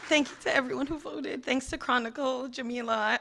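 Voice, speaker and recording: A woman's voice: high voice, fairly even intonation, moderate pace, vocal fry. A woman accepting an award on stage, crying, overwhelmed and apologizing. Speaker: award winner giving a speech. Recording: noisy live event audio.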